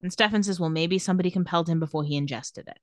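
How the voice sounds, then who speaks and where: A woman co-hosting a podcast, recapping a TV episode in casual chat and quickly voicing the characters as she goes. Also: fairly low pitch, dry recording, clean studio sound. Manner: animated retelling, quotes characters in quick voices.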